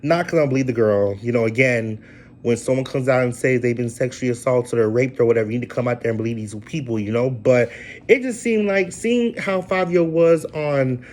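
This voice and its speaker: A man's voice: mid-range voice, fairly quick, darkish tone. Blunt, rambling man hosting a commentary vlog. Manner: blunt, profane, rambling with many fillers. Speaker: vlog host. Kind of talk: casual commentary.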